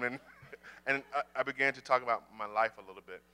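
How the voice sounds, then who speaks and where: A man in full-time ministry telling a personal faith story in a casual, animated way, often repeating words. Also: lowish voice, fast talker, clean tone.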